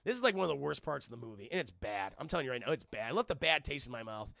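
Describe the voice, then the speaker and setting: A man breaks down a film scene by scene for his live chat, speaking in an animated and profane way. His voice swings widely in pitch and is strongly gravelly. It sounds bright, and the sound is close and dry. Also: racing, dry recording. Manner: animated, profane, laughs often, talks to chat. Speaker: film reviewer streaming live.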